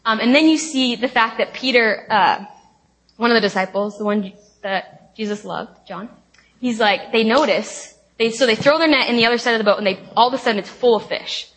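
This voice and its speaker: A woman's voice: a little high, brisk, fairly bright tone, slight background noise. A young woman giving a casual teaching talk on a Bible passage, chatty and informal, with many fillers and playful retellings. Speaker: speaker at a college ministry talk.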